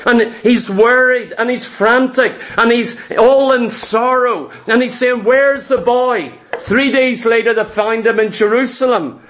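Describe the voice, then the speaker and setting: A man's voice: extremely high pitch, fairly even intonation, unhurried, hardly any pauses, a bit bright. A male preacher delivering a sermon, emphatic and rhythmic, with repeated phrases.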